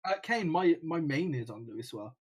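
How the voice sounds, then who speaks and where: A man co-hosting a casual gaming podcast, crude and swearing a lot, with loud mock outbursts. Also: on the high side, expressive, moderate pace, husky. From United Kingdom.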